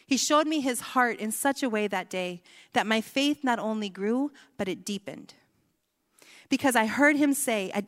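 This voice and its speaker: A woman preaches her own story with earnest emotion, her voice falling quiet on the heaviest words. Her mid-pitched voice carries through a large hall with a long reverb tail. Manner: emotional and earnest, dropping soft on key words. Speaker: speaker giving a testimony. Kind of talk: sermon-style personal testimony.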